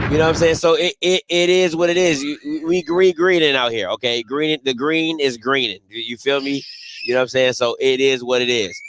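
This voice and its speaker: High-voiced trash-talking man hosting a show. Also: a bit bright, slight background noise. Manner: playful trash-talking, repeats himself, drawn-out emphasis. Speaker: sports show host. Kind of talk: casual live postgame commentary. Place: home, green screen behind him.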